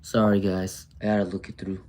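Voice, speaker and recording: A man's voice: sits low, completely flat delivery, brisk, a little mellow, a little hiss or hum. A man hosting a live tarot reading stream, chatting with viewers by name and muttering to himself while he looks for questions.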